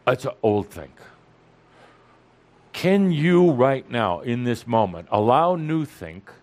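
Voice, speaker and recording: A man's voice: medium pitch, big pitch swings, slow pace, a little mellow. A man speaking to an audience as a spiritual teacher. He teases and provokes, and he repeats lines for emphasis. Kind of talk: teasing, lively spiritual talk.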